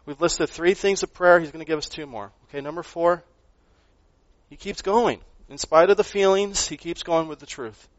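A man preaching a sermon, earnest, rising to loud emphasis and dropping to quiet asides, often repeating words as he goes. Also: fairly high pitch, moderate pace, dry recording, muffled recording. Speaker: pastor.

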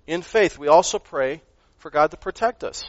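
A man delivers a sermon in an earnest voice pitched a bit high, pushing hard on key lines and then falling to near-quiet asides. He stumbles over and repeats words now and then. The recording is dry and slightly dull. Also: animated, normal speed, no room sound. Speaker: pastor.

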